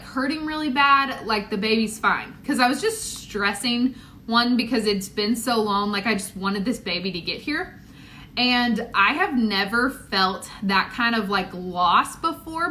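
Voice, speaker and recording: Young woman, pregnant, chatty vlog storyteller, bright voice, pitched a little high. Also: a little hiss or hum. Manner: chatty storytelling with many "like"s, addresses viewers as "y'all". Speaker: vlogger. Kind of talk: casual chat to camera.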